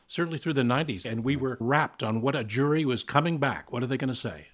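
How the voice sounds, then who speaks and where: Older male newsman, calm mid-range storyteller. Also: medium pitch, quick pace. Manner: reflective, anecdotal. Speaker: TV news correspondent. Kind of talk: casual chat among colleagues.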